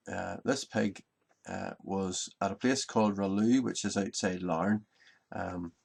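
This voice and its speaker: A man's voice: fairly low pitch, gravelly. A Northern Irish man giving an informal talk on Ulster Scots, hesitant with many ums and restarts.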